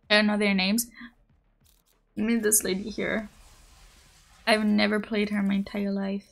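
A young woman streaming a game, chatting casually with her viewers; her voice is raspy and hoarse from just waking up, and she giggles often. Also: mid-range voice, little pitch movement, normal speed, pauses often. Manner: bubbly, giggly, playful. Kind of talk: casual live-stream chat.

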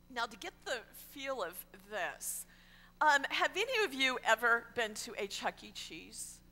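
Bright-voiced woman preaching in a church hall. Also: on the high side. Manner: storytelling with wry humor, quiet dramatic drops. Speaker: pastor. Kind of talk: sermon. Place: church sanctuary.

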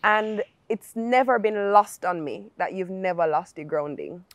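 A woman hosting an interview, chatting playfully with her guest and prompting him with lively asides. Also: medium pitch, a little slow, dry recording. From Jamaica. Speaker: host. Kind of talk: casual interview chat.

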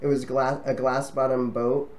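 A man's voice: medium pitch, level tone, moderate pace. A man casually talking to camera as a travel vlogger, friendly and rambling, with frequent ums and restarts. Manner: friendly and chatty.

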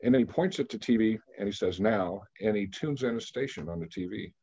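A man in his sixties with a low, mellow voice tells a story as an interview guest. He is from Kansas and speaks in a measured, anecdotal way, pausing on fillers as he goes. The audio is dull and lo-fi. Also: husky. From Kansas, United States. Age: 60s.

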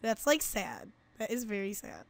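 A woman's voice: mid-range voice, wildly swooping pitch, moderate pace, creaky, no room sound. A woman chatting casually while playing a game, giggly and chatty, calling her friend "girl" and chanting playful taunts. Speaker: gameplay video host. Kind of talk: casual gaming chat.

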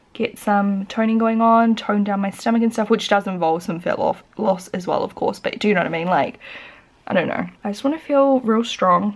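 A woman's voice: medium pitch, creaky. A young woman from New Zealand with a New Zealand accent, chatting casually to camera in a rambling vlog full of "like". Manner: chatty, rambling, lots of "like" fillers. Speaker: vlogger.

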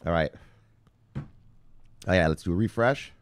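A man hosting a casual crypto news show, swinging between loud hype and low, muttered anger, calling his viewers brothers. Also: moderate pace, no room sound. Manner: calls viewers brothers, punchy catchphrases like bang and look look.

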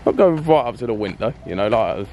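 A man's voice: on the low side, expressive, brisk, a little hiss or hum. A young man talking to camera in a vlog, nervous and hesitant. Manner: nervous, whispering asides, then yelling. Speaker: vlogger. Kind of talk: handheld vlog commentary.

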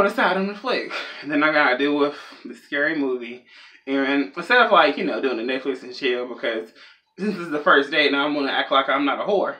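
A man's voice: on the high side, pushed and bright. A young man telling a rambling, self-mocking comedic story as a vlogger. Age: young adult.

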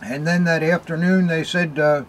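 An older man hosting a show, telling a story slowly in a rambling, casual way with many ums and uhs while smoking a cigar. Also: fairly high pitch, fairly even intonation. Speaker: host.

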